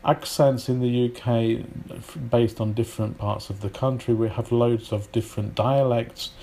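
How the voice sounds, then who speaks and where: A British man teaching English pronunciation in a podcast lesson, repeating example words aloud slowly with pauses. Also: medium pitch, steady tone, mellow, a little hiss or hum. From United Kingdom.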